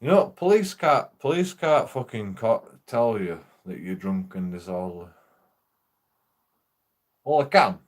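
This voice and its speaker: A man's voice: on the low side, animated, measured pace, long pauses. A man casually telling a rambling, profane story while streaming a game, laughing often.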